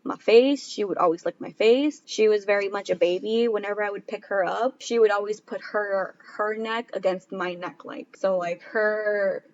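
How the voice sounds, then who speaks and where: A woman's voice: mid-range voice, moderate pace, hardly any pauses, lo-fi sound. A woman in her twenties co-hosting a podcast, telling stories casually, laughing often and acting out what people said. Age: 20s. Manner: chatty, laughs often, acts out quoted dialogue. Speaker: podcast co-host. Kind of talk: casual storytelling chat.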